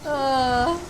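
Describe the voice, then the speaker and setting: A woman's voice: high voice, noisy background. A young woman streaming a video game, chatting casually with her viewers, giggly and self-deprecating. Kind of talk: casual chat with viewers while gaming. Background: video game music.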